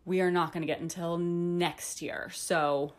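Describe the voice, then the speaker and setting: A woman co-hosting a book podcast, chatting casually and excitably with lots of filler words. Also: on the low side, a little slow. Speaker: podcast co-host. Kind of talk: casual chat. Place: home at night.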